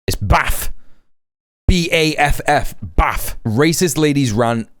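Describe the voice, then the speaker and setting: A man's voice: fairly high pitch, animated, slow, fairly bright tone, no room sound, clean studio sound. A man streaming reaction commentary on clips, sarcastic and incredulous. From United Kingdom. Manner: sarcastic, incredulous, breaks into laughter.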